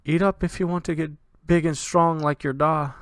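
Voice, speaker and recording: A man's voice: a little high, fairly even intonation, moderate pace, fairly bright tone, no room sound, clean studio sound, voice pushed up, lightly acted. A man doing a peasant mother. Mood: gentle. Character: frightened peasant mother, caring woman.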